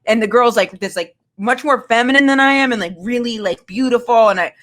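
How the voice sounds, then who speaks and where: A woman's voice: on the high side, brisk, a bit bright. A woman guest telling a candid, self-mocking dating story in a rambling way, full of filler words. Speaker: guest comedian.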